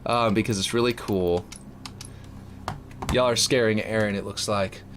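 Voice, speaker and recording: A man's voice: fairly low pitch, fairly even intonation, unhurried, noisy background. A man from Louisiana with a light Louisiana accent, chatting casually and rambling while he builds a game map on a livestream. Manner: rambling, lots of fillers, laid-back.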